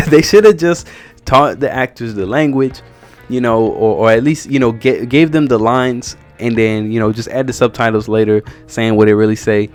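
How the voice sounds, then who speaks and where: A man talks through a film review in a casual, opinionated way. His voice sits at an ordinary middle pitch, and his delivery is blunt and sarcastic. Soft music plays quietly in the background. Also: moderate pace. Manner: blunt, sarcastic, exasperated critique.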